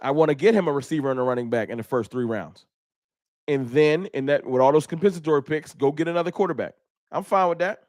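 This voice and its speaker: Man live-stream host, slightly high voice, dry close mic, loose joking chat. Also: quick pace, no echo. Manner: animated, joking, laughs at own bits.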